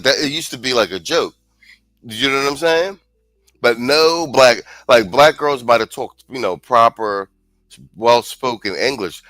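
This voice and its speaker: A man's voice: mid-range voice, fairly bright tone, dry recording, poor audio. A man hosting a show, giving blunt, slangy, casual commentary on clips and reading viewer comments aloud. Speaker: show host.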